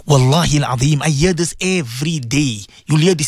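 A man's voice: fairly high pitch, fairly quick, few pauses, a little mellow, dry recording. A man giving a fervent, repetitive radio sermon, preaching at his listeners with direct questions. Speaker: radio presenter giving religious advice.

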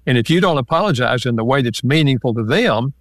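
In a relaxed interview, a male guest who works as an author and counselor calmly explains ideas step by step, using examples. His voice is mid-range and fast, with no echo.

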